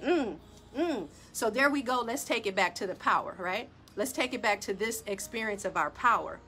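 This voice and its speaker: A woman hosting a talk show, telling a personal story in an animated, emphatic way and speaking straight to her listeners. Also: fairly high pitch, moderate pace. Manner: animated, emphatic, addresses audience directly. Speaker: podcast host.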